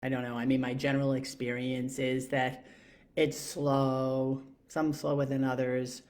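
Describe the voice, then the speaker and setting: A woman's voice: rumbling low, little pitch movement, a little slow, darkish tone. A middle-aged woman with a New York accent, telling a reflective story with many fillers and self-questions. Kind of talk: reflective monologue.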